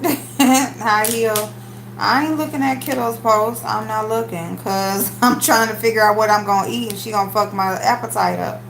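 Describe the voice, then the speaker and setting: A woman's voice: medium pitch, fairly even intonation, moderate pace, vocal fry, a bit bright. A woman hosting a casual live stream, chatting with viewers and greeting them by name. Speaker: livestream host. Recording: echoey room with background noise.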